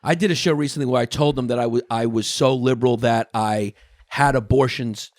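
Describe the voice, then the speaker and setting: A man co-hosting a comedy podcast, telling crude stories in a deadpan way. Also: medium pitch, fairly quick, no room sound, clean studio sound. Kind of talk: casual podcast chat.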